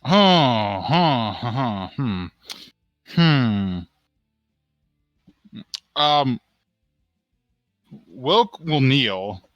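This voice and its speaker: A man's voice: medium pitch, very animated, extremely slow, long pauses, dry recording, lo-fi sound, faint music behind. A man playing a tabletop game, thinking aloud and announcing what his character does. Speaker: player. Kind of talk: casual chat.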